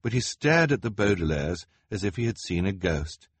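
A male audiobook narrator with a husky, low voice that rises and falls a great deal. The wry, expressive telling is recorded dry and close. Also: normal speed, dry recording.

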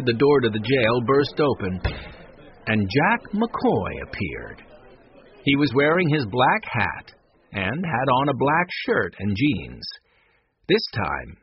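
Husky man reading a storybook. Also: medium pitch, dry recording. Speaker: narrator. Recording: dull lo-fi recording.

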